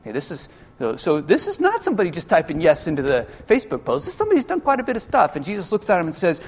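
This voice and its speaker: Casual preacher in a reverberant church. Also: male voice, high-pitched, big pitch swings, quick pace. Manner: casual, jokey asides, acts out quoted voices. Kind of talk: conversational sermon. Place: church sanctuary. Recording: long church-hall reverb.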